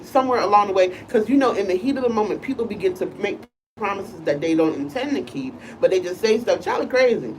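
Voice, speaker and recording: A woman's voice: medium pitch, expressive, fast, darkish tone, slight background noise. A woman co-hosting a casual live-stream chat, talking loosely and often asking "you know what I'm saying". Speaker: co-host and school teacher. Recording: voice a bit far from the mic.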